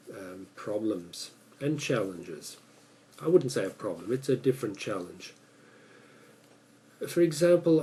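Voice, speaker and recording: A man with an Australian accent giving a prepared instructional talk, speaking in a measured, deliberate way with pauses. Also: mid-range voice, dark tone, rough recording. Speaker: English pronunciation teacher.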